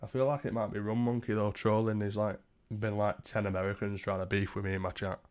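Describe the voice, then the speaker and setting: A young man chats crudely with his livestream viewers, rambling loosely and swearing freely. His voice sits fairly low. He talks from a room at home. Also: little pitch movement, fairly quick, darkish tone, clean tone. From Britain. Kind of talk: casual livestream chat.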